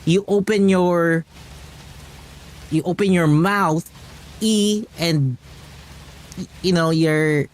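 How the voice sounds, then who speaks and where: A man's voice: high-pitched, takes it slowly, long pauses. A man streaming a game, chatting casually and explaining at length, with frequent restarts. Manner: rambling and explanatory, with many restarts. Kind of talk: casual live-stream chat.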